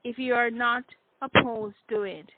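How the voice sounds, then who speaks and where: A woman voicing a gentle, earnest man back from another world, speaking calmly and formally. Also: a little high, a little slow, heavy background noise. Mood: tender. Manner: calm, formal speech. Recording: tinny phone-like dry sound.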